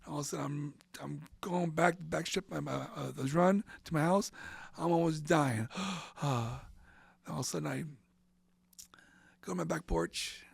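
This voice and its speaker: Creaky and husky, his fairly high voice moves at a normal speed with no echo. The speaker is a middle-aged central Florida man being interviewed, telling an emotional story that rambles, often saying "and all of a sudden" and at times almost whispering.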